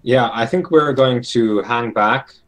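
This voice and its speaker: Slow, hesitant man playing a tabletop game. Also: mid-range voice. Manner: unhurried, hesitant, many fillers. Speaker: player. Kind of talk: casual tabletop play.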